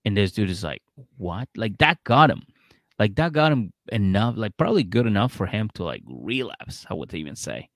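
Gravelly low-voiced man telling a story. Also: lively intonation, a little fast, no room sound, studio quality. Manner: profane storytelling that acts out other people's lines. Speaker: podcast co-host. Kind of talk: casual chat recapping a reality show.

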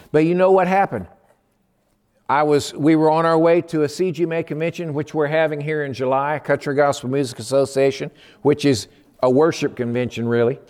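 A man preaching a sermon as pastor, telling stories with lively acted-out voices. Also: clear, resonant tone. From Texas. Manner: animated storyteller, acts out a phone call in a high excited voice. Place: church sanctuary. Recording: long hall reverb.

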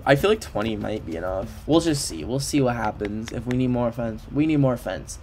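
A man's voice: mid-range voice, lively intonation, a little fast, hardly any pauses, darkish tone. Chatty young man streaming a game. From Canada. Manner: chatty and playful, with lots of fillers; sings along to game music in nonsense syllables. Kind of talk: casual livestream gameplay chat. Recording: faint background game music.

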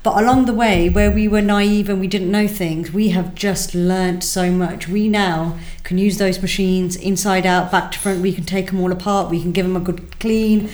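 A woman's voice: mid-range voice, steady tone, moderate pace, hardly any pauses, a little mellow. Methodical woman explaining distilling. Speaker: gin distillery co-founder. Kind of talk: explanatory conversation. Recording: echoey room.

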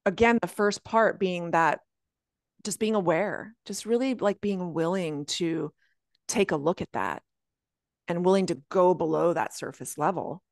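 A woman guest coach talking earnestly on a podcast, often jumping into a high voice when she quotes her own thoughts. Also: unhurried, no room sound, studio quality. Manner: earnest, animated, often slipping into high quoted self-talk. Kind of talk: reflective podcast conversation.

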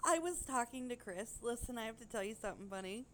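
A woman's voice: a little high, lively intonation, fast talker, fairly bright tone. A woman co-hosting a casual podcast chat, rambling and gushing, with casual swearing. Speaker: podcast co-host.

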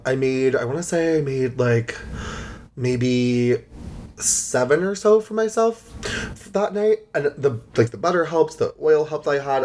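A man's voice: on the high side, a little mellow. A young man hosting a casual solo podcast, chatty and rambling with lots of "like", sometimes close to tears. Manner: chatty, rambling, heavy use of "like". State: emotional, near tears. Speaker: podcast host.

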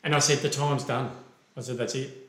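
An Australian man telling a golf story in a loose, animated way, slipping into the voices of the people he quotes. His voice sits at an ordinary middle pitch. The room around him rings with a clear echo. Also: brisk. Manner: animated, acts out quoted dialogue. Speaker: golf referee and podcast co-host. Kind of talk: casual storytelling.

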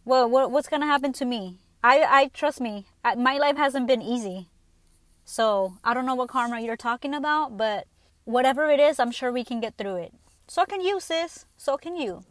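High-voiced woman ranting bluntly. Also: normal speed, dry recording. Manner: blunt, profane, animated storytelling. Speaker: podcast host. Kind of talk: casual ranting monologue.

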